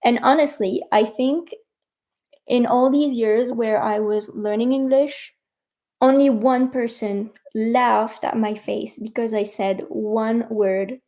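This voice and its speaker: A woman's voice: on the high side, fairly even intonation, slow pace, dark tone. A woman with a French accent, a native French speaker, teaching and coaching viewers in a casual livestream, chatty and encouraging as she addresses them directly.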